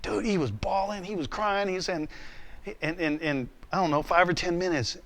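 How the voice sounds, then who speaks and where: A man's voice: sits high, normal speed, a bit bright. Candid storytelling male pastor. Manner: candid, conversational, emotional storytelling. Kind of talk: sermon with personal storytelling.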